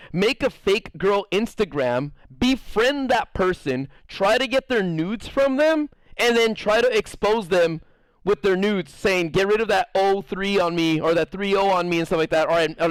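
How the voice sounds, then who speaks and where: A young man chatting casually on his game stream, rambling through animated stories and playing out the quoted lines of others. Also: sits high, no room sound, low-quality recording. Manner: rambling, animated storytelling, playful acted-out quotes. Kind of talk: casual live-stream chat.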